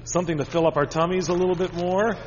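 A man's voice: sits high, fairly even intonation, quick pace, a little hiss or hum. Man preaching to children in a reverberant church. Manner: asks children many simple questions. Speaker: pastor. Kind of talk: children's sermon. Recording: dull recording with long church reverb.

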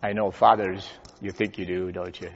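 A man preaching a sermon as pastor, with slow, dramatic pauses and swelling emphasis. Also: deep voice, flat delivery, slight background noise. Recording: dull sound with long church reverb.

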